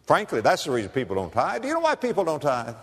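A man preaches a sermon with a lively, swinging pitch. He drops to hushed asides, then rises to emphatic lines and acts out the people in his stories. The sound carries the long reverb of a large church sanctuary. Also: fast, husky. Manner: plays out little scenes in the voices of the people in his stories. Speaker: pastor.

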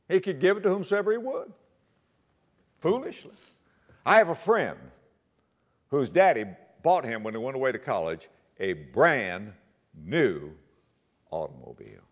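A man preaching a sermon, quoting scripture in old-fashioned wording and swinging his voice high and low for emphasis. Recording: long hall reverb.

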